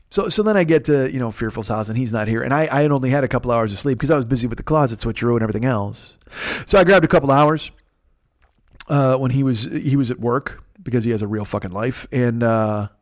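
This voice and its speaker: A man's voice: mid-range voice, dry recording. A man in his forties hosting a podcast, telling a rambling, profane, self-mocking comic story into a close microphone. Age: 40s. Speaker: podcast host. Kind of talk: solo comedic storytelling. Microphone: close podcast mic.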